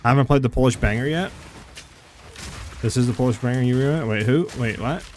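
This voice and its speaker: A young male game streamer talks loosely over his gameplay, answering chat and tossing in "like" every few words. His voice sits at an ordinary mid pitch, with a faint hiss of noise behind it. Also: quick pace, a little mellow. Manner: chatty, answers chat, many "like" fillers. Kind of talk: casual live-stream commentary.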